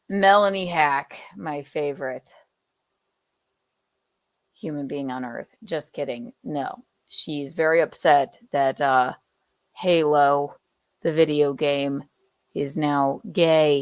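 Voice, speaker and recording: Slow, gossipy Southern woman host. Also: deep voice, dry recording. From Southern United States. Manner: loose and gossipy, with frequent laughs and fillers. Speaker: podcast host. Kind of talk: casual pop-culture chat.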